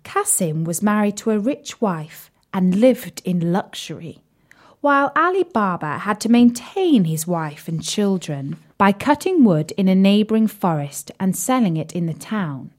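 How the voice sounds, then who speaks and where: A young woman telling a children's story in a playful, animated way, sometimes dropping to a whisper. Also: mid-range voice, measured pace.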